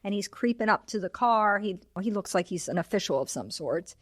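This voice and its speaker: A woman's voice: mid-range voice, lively intonation, a little fast, no room sound, studio quality. A woman co-hosting a film podcast, chatting casually as she retells scenes and quotes the characters. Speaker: podcast co-host.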